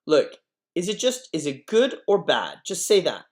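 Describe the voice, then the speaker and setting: A man's voice: on the high side, sing-song, unhurried, pitched above the performer's own voice. A man voicing an impatient, demanding teenage girl from a classic play, pleading with her nurse.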